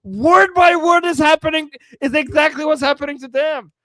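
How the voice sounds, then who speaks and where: High-voiced woman, emphatic co-host. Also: moderate pace, a bit bright, no echo, rough recording. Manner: emphatic, repeats points. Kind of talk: casual political chat.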